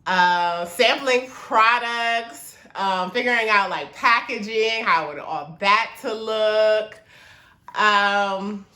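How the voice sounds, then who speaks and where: Woman, young adult, casual vlog, chatty, animated, bright tone, roomy echo. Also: mid-range voice, takes it slowly. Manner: chatty, animated, addresses viewers as y'all. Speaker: small business owner. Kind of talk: casual vlog talk to camera.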